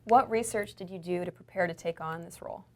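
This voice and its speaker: A woman interviewer asking prepared questions in a measured way in a studio interview. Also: on the low side.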